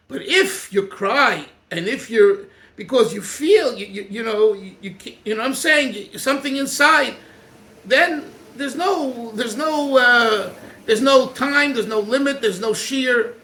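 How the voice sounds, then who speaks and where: A man teaching an informal Torah class as a rabbi, talking in an animated, digressive way with many restarts. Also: extremely high pitch, unhurried, echoey room.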